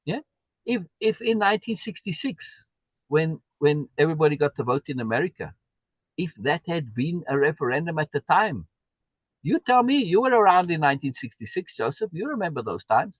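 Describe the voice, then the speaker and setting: A man's voice: fairly high pitch, sing-song, moderate pace, dry recording, dull audio. A man hosting a live stream, talking in an emphatic way and repeating words for stress as he answers viewer comments. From South Africa. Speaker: livestream host.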